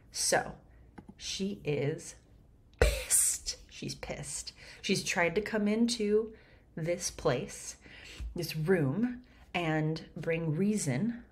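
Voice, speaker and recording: A woman and actor explaining a Shakespeare scene line by line, lively and chatty with quick laughs. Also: sits low, husky.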